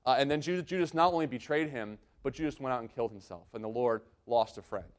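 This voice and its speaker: A man's voice: mid-range voice, fast talker. A man preaching a sermon, reading scripture and explaining it in an earnest way, often repeating and restarting his phrases. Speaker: pastor.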